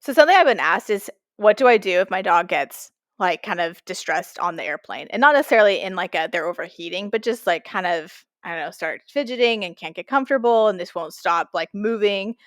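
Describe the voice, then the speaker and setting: Woman podcast co-host, lively storyteller, mid pitch, dry close mic. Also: brisk, few pauses, dry recording. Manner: animated storytelling with lots of "like". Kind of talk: casual chat.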